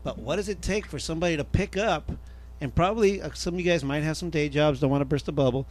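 A man hosting a casual radio interview, loud and joking, rambling with many restarts. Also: on the high side, quick pace. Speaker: radio show host.

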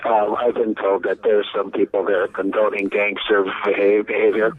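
A man putting on a gruff walkie-talkie police officer. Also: fairly low pitch, flat delivery, no echo, phone-quality sound, pitched below the performer's own voice, natural voice. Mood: mock-official. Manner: halting, full of ums, radio-style delivery.

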